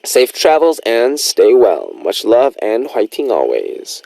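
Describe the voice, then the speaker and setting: A man's voice: medium pitch, wildly swooping pitch, slow, gravelly, hardly any pauses, mellow, dry recording. A man hosting a radio music show, reading listener messages aloud in a playful, teasing, chatty way. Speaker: radio DJ host.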